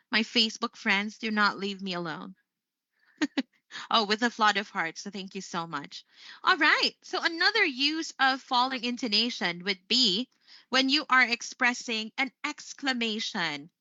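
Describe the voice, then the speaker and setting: Chatty filipino lady teacher on a live class, super bright voice, kinda muffled dry audio. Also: fairly high pitch, no echo. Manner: chatty, upbeat, says "there you go" often. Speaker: English teacher. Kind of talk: live online English lesson.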